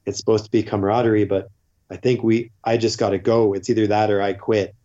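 A man's voice: fairly low pitch, flat delivery, fast talker, mellow, highs cut off, close to an everyday voice. A man voicing a weary male cycling teammate who is fed up and speaks earnestly.

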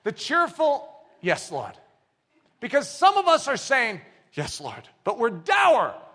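A man preaching a sermon, swinging from hushed asides to shouted exclamations and acting out quoted voices. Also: very high-pitched, takes it slowly. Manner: animated, shifts between hushed and shouting. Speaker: pastor.

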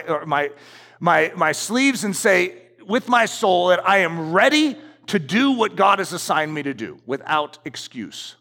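With a high voice, vocal fry and a sharp tone, a middle-aged man preaches as pastor in a church sanctuary. He hammers his points home emphatically, repeating himself, and the recording carries church hall reverb.

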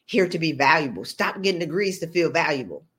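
A woman hosting a podcast, giving a motivational talk in an animated, playful, colloquial way. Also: low-pitched, fairly quick. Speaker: podcast host.

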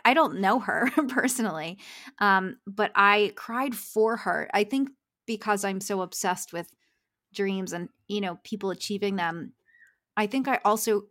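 A woman's voice: mid-range voice, a bit bright. A woman, a success coach, talking earnestly in a podcast interview and laughing often.

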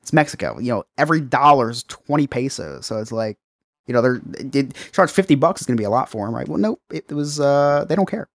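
A man co-hosts a casual podcast and tells his stories with animated, self-deprecating energy. He talks at a middle pitch, often restarts his sentences, and is recorded close on a dry studio mic. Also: brisk, creaky, dry recording. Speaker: podcast co-host. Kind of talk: casual storytelling chat.

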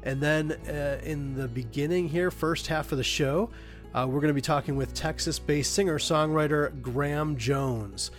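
A man hosts a podcast from his home studio, his voice stuffy and nasal from a cold. He speaks into a studio mic, and soft music plays quietly behind him. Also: fairly high pitch, moderate pace. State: congested, nasal from illness. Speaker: podcast host. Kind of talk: podcast hosting.

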